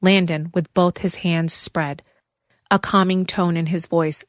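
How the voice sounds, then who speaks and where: Female audiobook narrator, lowish, measured, dry studio sound. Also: fairly even intonation, no room sound.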